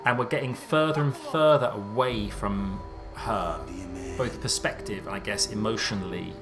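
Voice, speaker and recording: A man giving let's play commentary on a game, excitable and jumpy, thinking aloud in casual slang. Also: fairly low pitch, moderate pace, over music. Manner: casual slangy talk, says mate and dude. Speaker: gaming YouTuber.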